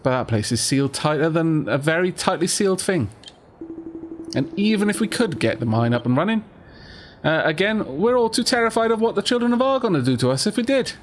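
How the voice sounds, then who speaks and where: A man voicing a gruff, working-class London miner with a rough, slangy drawl. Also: sits high, sing-song, a little fast, a little hiss or hum. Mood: sentimental. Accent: London (put on).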